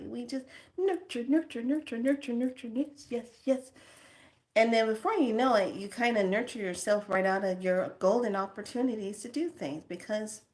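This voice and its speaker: A woman giving an earnest spiritual talk to her viewers. She tells stories and lets phrases trail off quietly. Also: mid-range voice. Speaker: spiritual speaker.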